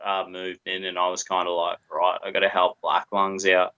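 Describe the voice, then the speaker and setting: Laid-back Aussie male caller, deep, slangy, muffled call audio. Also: completely flat delivery, normal speed, pushed and bright, clean tone. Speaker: call-in guest. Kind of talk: casual call.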